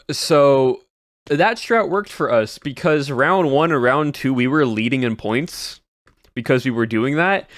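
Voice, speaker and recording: A man's voice: medium pitch, dry recording, studio quality. A male streamer chatting casually to his chat as he recaps the year, rambling and repeating words. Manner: rambling, repeats words, trails off mid-sentence.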